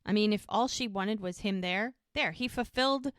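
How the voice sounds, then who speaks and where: A woman's voice: medium pitch, no room sound, studio quality. A woman co-hosting a podcast, casually recapping a show and acting out the characters' lines. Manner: acts out characters' lines in quick impressions. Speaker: podcast co-host.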